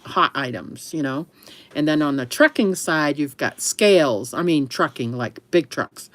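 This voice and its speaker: A woman's voice: deep voice, expressive, a little slow, fairly bright tone, no echo. A middle-aged woman from the US East Coast chatting casually on a livestream, rambling with frequent laughs and self-corrections. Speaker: livestream host.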